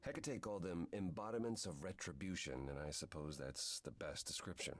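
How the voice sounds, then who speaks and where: An actor playing an ancient male being bound to fate, who talks in a calm, measured, grave way. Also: low-pitched, dry recording.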